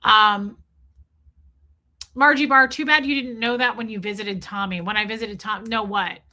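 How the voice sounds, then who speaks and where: A woman in her thirties chats with her live viewers in a bright, forceful voice. She rambles from topic to topic, reads out comments and throws in the odd swear. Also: medium pitch, steady tone, moderate pace. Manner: rambling, chatty, swears, mimics movie lines. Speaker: livestream host reading chat. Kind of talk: casual chat with live viewers.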